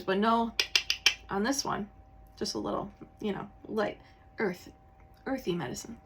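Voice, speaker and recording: A woman tarot reader talks in a candid, confessional way, slightly tearful. Her speech wanders, with fillers and restarts, at a middling pitch for a woman. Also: moderate pace, breathy edge. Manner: candid, rambling, with many fillers and self-corrections. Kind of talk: casual confessional talk.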